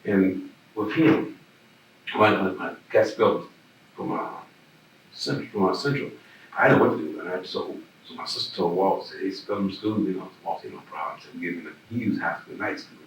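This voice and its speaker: Deep-voiced Southern man telling stories. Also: moderate pace. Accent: Southern American. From Birmingham, Alabama. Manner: rambling, repeats words, laughs while telling stories. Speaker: oral history interviewee. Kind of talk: casual storytelling. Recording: echoey room, distant mic, faint hiss.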